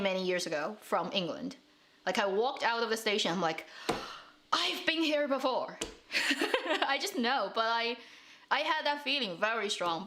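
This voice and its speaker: A woman from China who hosts a drama channel runs a casual live stream, chatting and responding to comments. Her medium-pitched, slightly bright voice is broken up by frequent laughs and restarts.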